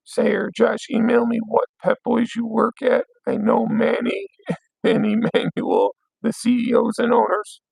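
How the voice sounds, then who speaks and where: A hoarse young man hosting a late-night livestream, ranting bluntly with plenty of swearing. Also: extremely high pitch, unhurried, a little mellow, no echo, poor audio. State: hoarse, voice worn out. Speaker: livestream host.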